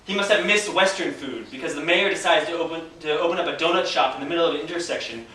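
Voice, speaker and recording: Guy telling a funny story live, bright voice, kinda high, laughs a lot. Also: quick pace, slight background noise. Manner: wry, vivid, laughs at his own story. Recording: echoey room, distant mic.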